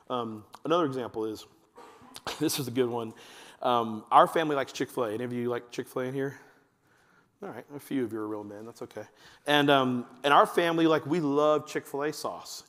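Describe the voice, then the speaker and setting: A man giving a talk to fathers at church, telling family stories and acting out his kids in a high voice. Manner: animated storytelling, acts out his kids in a high voice. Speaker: men's ministry speaker. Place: church hall. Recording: long hall reverb.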